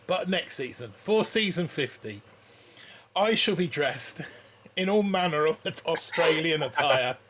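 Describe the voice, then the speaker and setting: A man's voice: fairly high pitch, a bit bright, slight background noise. A man co-hosting a live stream, telling a story in casual chat and chuckling often. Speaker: stream co-host.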